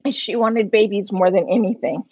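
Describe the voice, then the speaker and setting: A woman in her sixties, an interview guest, telling a personal story in an animated way and acting out the voices in it. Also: medium pitch, moderate pace, breathy edge, dry recording. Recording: slightly muffled, lo-fi.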